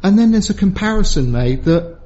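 A man's voice: high-pitched, expressive, brisk, warm tone. A man preaching an evening sermon to a congregation in an earnest way, often repeating a word while he finds the next. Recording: dull lo-fi sermon recording.

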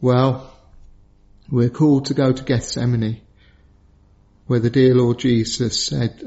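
A man preaching a sermon in an earnest, pleading way, dropping low and soft for emphasis. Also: little pitch movement, slow, pauses often. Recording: dull lo-fi sound.

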